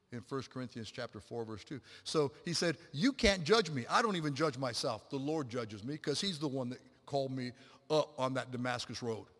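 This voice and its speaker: Middle-aged male pastor preaching in a reverberant hall. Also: mid-range voice. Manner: animated storytelling, acts out quotes, swings from loud to hushed. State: a little out of breath. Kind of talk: sermon.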